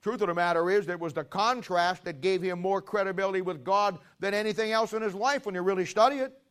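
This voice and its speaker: Man, very high voice, preacher, sermon, emphatic, questioning the congregation. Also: fast, clear, resonant tone. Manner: emphatic, questions the congregation and builds to loud stresses.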